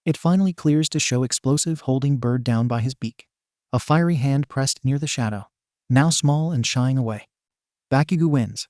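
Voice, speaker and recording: A man narrating a first-person story aloud in a steady storybook voice. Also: mid-range voice, moderate pace, dry recording, clean studio sound. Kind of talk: reading fan fiction aloud.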